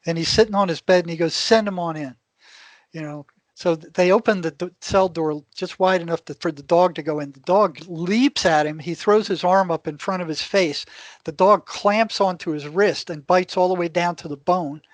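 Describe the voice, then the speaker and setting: An older man, a retired therapist guest, telling an animated story in casual conversation with frequent restarts. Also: high-pitched, normal speed, dry recording.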